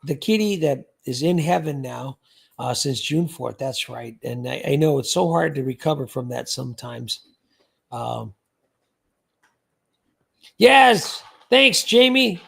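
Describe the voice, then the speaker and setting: A man's voice: medium pitch, normal speed, creaky, slightly rough. An older man hosting a casual livestream, chatty and rambling, with plenty of fillers. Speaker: host.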